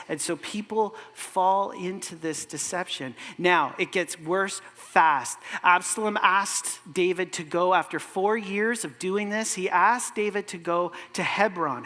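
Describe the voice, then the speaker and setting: A pastor delivers a sermon in a church sanctuary, talking in a conversational, animated way with asides to the room. His voice is bright and forceful, and it carries a long hall echo. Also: sits high.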